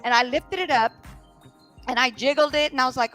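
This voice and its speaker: A woman with a fairly high voice hosts a relaxed conversation. She rambles through her stories with frequent fillers and restarts. Faint music plays underneath. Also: fairly quick. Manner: chatty, rambling storyteller with many fillers. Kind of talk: casual chat.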